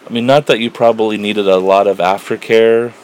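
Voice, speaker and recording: A man in casual conversation, speaking haltingly with many fillers and frequent agreement. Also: fairly low pitch, fairly even intonation, clean tone, rough recording. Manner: halting, lots of "you know" and "right", soft-spoken. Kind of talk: casual candid chat.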